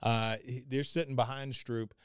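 A man casually recapping a cartoon episode on a podcast, animated and laughing as he acts out lines. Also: mid-range voice, moderate pace, smooth, no room sound, studio quality. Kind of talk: casual chat.

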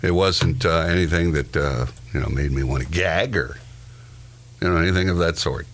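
Podcast co-host, male, very low voice, dry news-reading banter. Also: moderate pace. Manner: dry, laughs at his own asides. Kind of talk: casual chat, reading news items.

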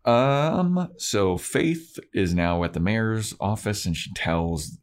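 Low-voiced casual podcast guy. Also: animated. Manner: acts out scenes in quick put-on voices, swears freely. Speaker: podcast co-host. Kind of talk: casual recap chat.

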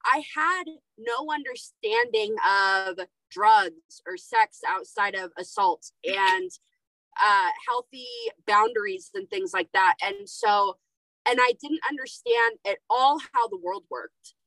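A woman's voice: mid-range voice, slow pace, no echo, rough recording. A young adult woman hosting a podcast, telling candid stories about parenting in casual chat. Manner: animated storytelling, candid. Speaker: podcast host.

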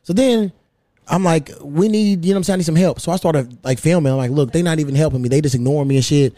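A man in his thirties hosting a casual podcast, telling a story in a lively, profane way. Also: fairly high pitch, quick pace, no room sound. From United States. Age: 30s. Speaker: podcast host.

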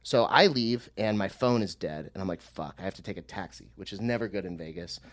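A man's voice: deep voice, animated, brisk. A young man, a podcast co-host, telling a rambling and self-deprecating comic story, swearing casually.

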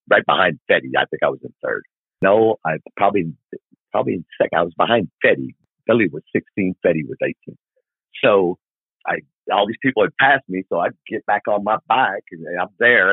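Husky low-voiced man telling stories. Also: dry recording, narrow, tinny audio. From Arkansas, USA. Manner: rambling, animated retelling with quoted dialogue. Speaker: guest, long-distance motorcycle rider. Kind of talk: casual storytelling.

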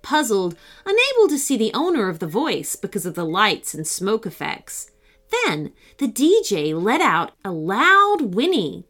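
Woman reading a kids bedtime-style story, slow and super expressive, goes up high for the girls. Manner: expressive, voices the girls with higher excited pitch. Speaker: children's story narrator. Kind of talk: scripted storybook narration.

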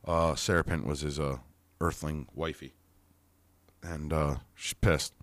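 A man's voice: extremely low pitch, fairly even intonation, measured pace, no room sound. A man hosting a podcast, reading an old text aloud and breaking off into casual, chatty commentary with mild swearing.

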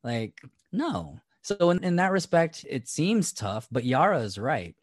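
A man co-hosting a casual podcast, animated and laughing often, cursing freely as he chats. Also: a little high, measured pace, no echo, studio quality. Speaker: podcast co-host.

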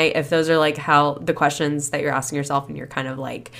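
A woman's voice: deep voice, flat delivery, a little fast, fairly bright tone. A young woman hosting a solo podcast, chatty and reflective, a bit stuffy and short of breath after a cold. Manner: chatty, reflective, many fillers like "you know" and "like". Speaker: podcast host. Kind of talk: casual solo podcast talk.

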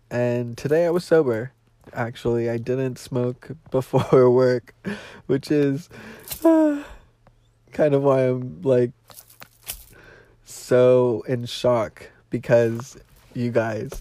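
A young man spills a personal story in a relaxed, drawn-out way, swearing often and getting worked up. His delivery is unhurried and conversational. The voice sounds close and dry, with little room around it. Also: mid-range voice, no echo. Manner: profane, emotional, animated storyteller. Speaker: podcast host. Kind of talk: casual storytelling monologue. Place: outdoors on a walk.

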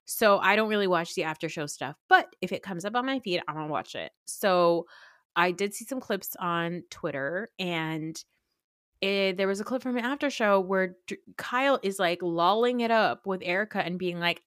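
A woman's voice: medium pitch, normal speed, fairly bright tone, no echo, studio quality. A young adult woman hosting a podcast, recapping TV in casual, sarcastic, profane chat with laughing asides. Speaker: podcast host.

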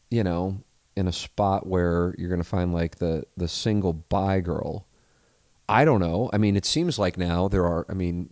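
A man's voice: sits low, creaky, darkish tone, dry recording. A man hosting a podcast, rambling profanely through a listener email, full of restarts and asides. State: married. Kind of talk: casual rambling monologue.

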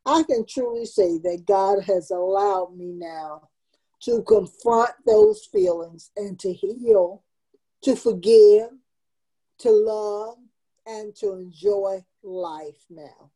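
A woman's voice: mid-range voice, lively intonation, takes it slowly, mellow, breathy edge, poor audio. A woman in her seventies, a community founder, telling her life story in an interview with earnest, emotional emphasis. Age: 70s.

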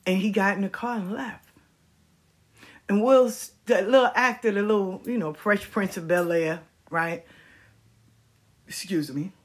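A woman telling a story in a casual, animated way, full of slang and emphasis. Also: mid-range voice, measured pace, long pauses.

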